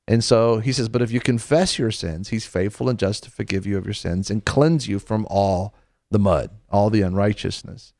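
Earnest lower-voiced male preacher, dry sound. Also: moderate pace, vocal fry, a little mellow, dry recording. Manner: earnest, conversational, with repeated restarts. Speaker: Christian show host. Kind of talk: preaching talk-show segment.

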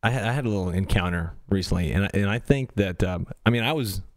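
A man's voice: fairly low pitch, fast talker, dry recording, clean studio sound. A man from the northern United States co-hosting a talk show, telling stories in an easygoing, self-mocking way. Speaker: co-host. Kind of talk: casual studio chat.

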